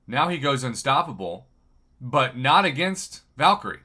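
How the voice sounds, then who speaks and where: A man's voice: mid-range voice, big pitch swings, measured pace, pushed and bright. A man giving casual commentary over game footage as a video host, groggy after a bad night's sleep, explaining plays in an analytical, upbeat way.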